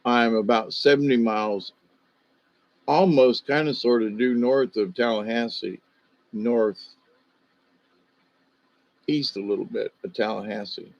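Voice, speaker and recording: A man's voice: medium pitch, measured pace, pauses often, muffled recording. An older man with a slight Southern US accent, hosting a livestream in a meandering, hesitant casual monologue full of fillers. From Ohio, USA. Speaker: livestream host.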